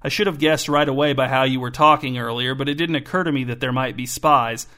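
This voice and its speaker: A man's voice: medium pitch, fairly even intonation, brisk, pushed and bright, lightly acted. A man reading the part of a sarcastic, suspicious middle-aged father in an audiobook, his talk growing heated. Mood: conspiratorial.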